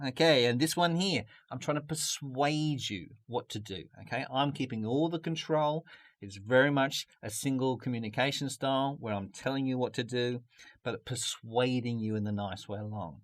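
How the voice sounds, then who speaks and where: A man's voice: medium pitch, normal speed. A man teaching a business video lesson, jokey and upbeat, with a close mic. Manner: jokey, puts on a mock French accent at times.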